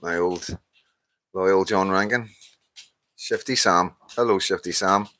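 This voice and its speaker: This fiftysomething Northern Irish livestreamer sounds tired while he chats, laughs frequently, swears and calls out viewers' names in a casual broadcast. He talks slowly in a low register with a sharp tone, recorded dry.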